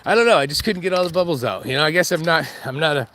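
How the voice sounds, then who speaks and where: A man's voice: a little high, animated, rapid-fire, bright, forceful tone, slight background noise. A man vlogging on a dog walk, rambling and joking, laughing at himself as he talks. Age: adult with kids. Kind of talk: casual walk-and-talk monologue.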